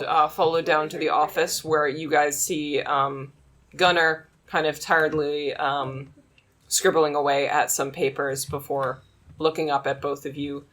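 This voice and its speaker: A man running a tabletop game as game master, narrating scenes with many pauses and ums. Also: a little high, a bit bright.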